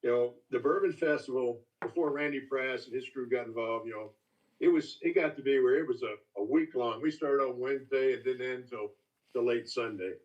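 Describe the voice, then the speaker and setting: Folksy older storyteller. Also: male voice, medium pitch. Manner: folksy, halting, with many restarts. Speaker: master distiller guest. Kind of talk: casual storytelling. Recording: distant, dull lo-fi call audio.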